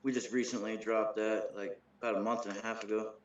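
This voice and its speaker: A man's voice: on the low side, flat delivery, a little fast, reverberant, dull audio. A man guest on a casual podcast chat, laughing often, cursing and plugging his music. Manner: laughing, profane, self-promoting. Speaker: rapper guest.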